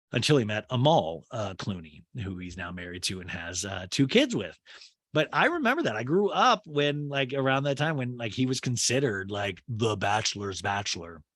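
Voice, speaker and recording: A man's voice: medium pitch, expressive, moderate pace, a bit bright, no echo. A man recaps an episode as podcast host, rambling with plenty of filler words. His delivery swings up and down with animation, and the recording is dry and close.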